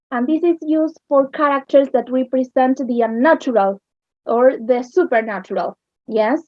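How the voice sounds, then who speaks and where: A woman with an Argentine accent teaching English literature, explaining slowly and checking understanding with "yes?". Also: high voice, a little mellow, no echo. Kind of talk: recorded online lesson. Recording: dull lo-fi sound.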